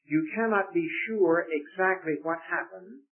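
A man's voice: high voice, a little slow. A man preaching a sermon, reading scripture emphatically in old-style English and leading a prayer. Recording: tinny, phone-like lo-fi recording.

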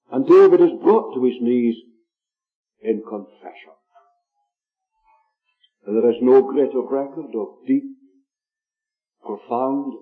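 A man preaching a sermon, slow and deliberate, leaning hard on single words. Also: medium pitch. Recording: tinny phone-like recording.

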